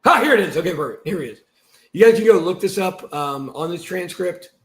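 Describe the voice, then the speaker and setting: A man hosting his channel, giving ranting commentary while reading through documents, swearing and swinging from muttering to shouting. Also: high voice, lively intonation, brisk. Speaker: channel host.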